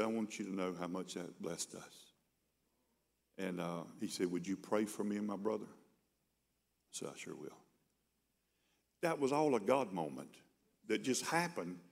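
A man's voice: lowish voice, gravelly. A man, a pastor preaching a sermon in a conversational, storytelling way, often repeating words as he starts a sentence.

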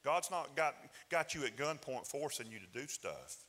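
A man's voice: medium pitch, big pitch swings, moderate pace, sharp tone, slight background noise. A man preaching a sermon in a conversational, folksy way, with rising emphatic bursts. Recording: hall reverb.

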